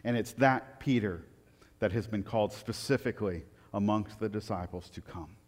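A man preaching a sermon, telling stories with lively swings from loud excitement to quiet reflection. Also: mid-range voice, long reverb tail. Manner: animated storytelling, rising loud for anecdotes, dropping soft for reflection. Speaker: pastor.

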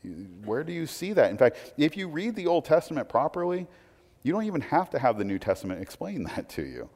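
Conversational preacher in a reverberant hall. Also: male voice, fairly high pitch, sing-song, brisk, darkish tone. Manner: conversational preaching, frequent "right?" asides. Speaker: pastor. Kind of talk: sermon.

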